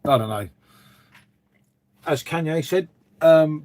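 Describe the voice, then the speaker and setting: A man's voice: on the high side, takes it slowly, pauses often, a little mellow. Chatty man on a livestream. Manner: chatty, rambling, says "mate" a lot, reads and answers viewers. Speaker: livestream host. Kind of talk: casual live-stream chat. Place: dim room at home.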